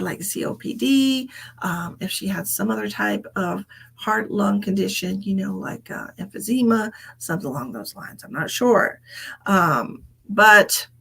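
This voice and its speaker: A woman's voice: medium pitch, vocal fry, fairly bright tone, breathy edge. A woman, giving psychic readings on a live stream in a chatty way and calling people darling and sweetheart. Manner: chatty, calls people endearments. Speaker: psychic medium.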